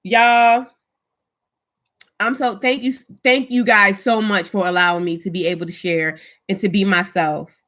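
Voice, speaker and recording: Bright-voiced chatty woman. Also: medium pitch, fairly even intonation, measured pace. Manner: chatty, emphatic, reads and answers viewer comments. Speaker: livestream host. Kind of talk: casual live chat with viewers.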